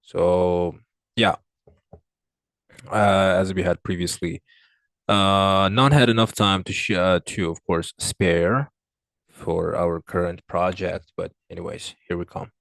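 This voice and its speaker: A man's voice: steady tone, slow, gravelly, no room sound. Man tutoring, dry close sound. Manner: talks through answers with frequent fillers and restarts, pitch and loudness swinging. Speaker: IELTS tutor. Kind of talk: screen-recorded reading lesson.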